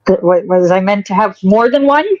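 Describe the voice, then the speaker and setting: A woman's voice: medium pitch, lively intonation, a little mellow, dry recording, muffled recording. Giggly woman playing a tabletop game. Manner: giggly, quick to laugh. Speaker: player. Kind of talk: casual tabletop game play.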